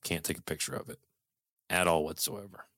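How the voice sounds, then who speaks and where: A man's voice: low-pitched, fairly even intonation, fairly quick, pushed and bright, dry recording, studio quality. A middle-aged man telling a personal story in casual conversation, earnest and swearing freely, often restarting sentences.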